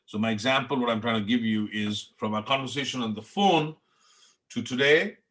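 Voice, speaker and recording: A man's voice: mid-range voice, moderate pace, a bit bright. A middle-aged man from India with an Indian accent, telling his story as a guest in an interview, earnest and passionate. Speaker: chef, podcast guest. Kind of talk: reflective interview talk.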